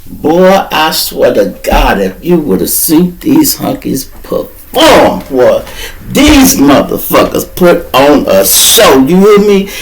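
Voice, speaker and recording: A man, the host of a podcast, tells a story in an animated, profane, slangy way. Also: a little high, slow, slight background noise, poor audio.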